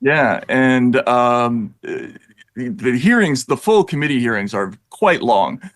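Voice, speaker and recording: A man appearing as a guest commentator on a political talk show, telling an anecdote in a measured way with fillers. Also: mid-range voice, expressive, fairly bright tone.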